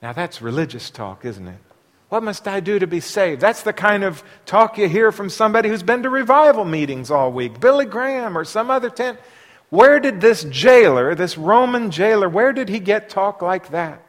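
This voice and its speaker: A man preaching a sermon, asking his listeners rhetorical questions and moving between quiet asides and loud, emphatic passages. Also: sits high, sing-song, moderate pace. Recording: long hall reverb.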